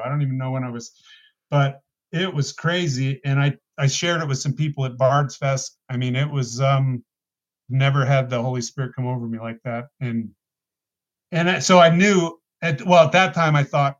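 Earnest man telling his faith story. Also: medium pitch. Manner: earnest, halting storytelling with many restarts. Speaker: podcast guest sharing his testimony. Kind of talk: casual spoken testimony. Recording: dull lo-fi podcast audio.

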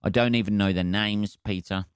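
A man's voice: on the low side, fairly even intonation, moderate pace, clean tone, dry recording, clean studio sound. A man hosting a comedy podcast, rambling wryly and swearing freely through his own stories.

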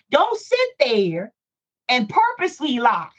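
A woman's voice: extremely high pitch, big pitch swings, measured pace, fairly bright tone. A middle-aged woman preaching a Bible study, emphatic and repetitive, full of rhetorical questions. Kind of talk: preaching to listeners. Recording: dull lo-fi recording.

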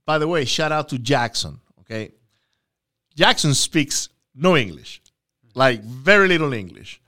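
A man co-hosting a casual podcast, an animated storyteller who breaks off for quick asides and shout-outs. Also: mid-range voice. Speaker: podcast co-host, real estate investor.

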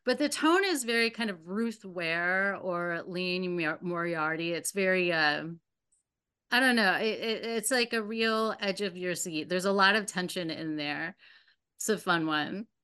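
A woman's voice: on the low side, a little slow, sharp tone, clean tone. A woman co-hosting a casual book chat, adding comparisons in a chatty way with fillers like "you know.". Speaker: bookstore co-host.

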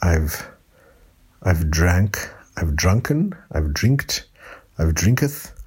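Soft-spoken tipsy man, deep and husky. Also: big pitch swings, extremely slow. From South Africa. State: tipsy from wine. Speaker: podcast host. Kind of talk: late-night voice note monologue. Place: room at home.

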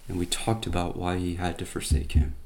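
A man's voice: low-pitched, level tone, brisk, a little mellow, a little hiss or hum. A man teaching from the Bible by retelling it as a story, with conversational asides and emphatic quoted lines.

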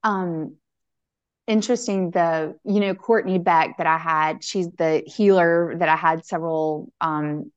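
A woman's voice: lowish voice, steady tone, unhurried, clear, resonant tone. Rambling woman host on a dull line. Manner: rambling, full of "um" and "you know". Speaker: podcast host. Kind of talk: casual spiritual chat.

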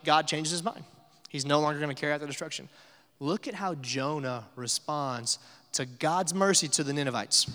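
A man's voice: a little high, sharp tone. Conversational male pastor in a reverberant hall. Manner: conversational, emphatic, rising to intense stress. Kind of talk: sermon.

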